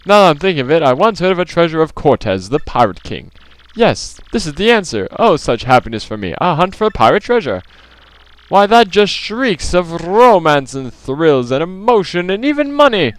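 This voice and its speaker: A man's voice: a little high, big pitch swings, dry recording, pitched above the performer's own voice. A man hamming up a pompous rich merchant. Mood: grandiose. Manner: grandiose, drawn-out exclamations. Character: pompous rich male merchant, theatrical and dramatic. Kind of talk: let's play voice reading.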